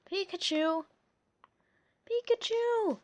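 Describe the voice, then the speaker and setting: An eager young boy trainer calls out in a high, pleading storybook voice, as a woman reads him out. He sounds anxious and urgent about his creature. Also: animated, normal speed, a little mellow, no room sound.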